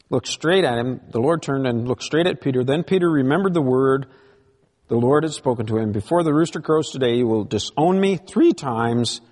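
A man's voice: mid-range voice, big-room sound. A man preaching a sermon, reading scripture aloud with emphatic rises and drops in his delivery. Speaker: pastor.

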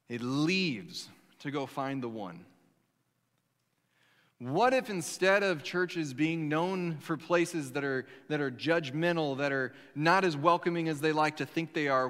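A man's voice: on the high side, fairly bright tone. A man preaching a sermon as a pastor, telling stories in a loose, conversational way with frequent restarts. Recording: long hall reverb.

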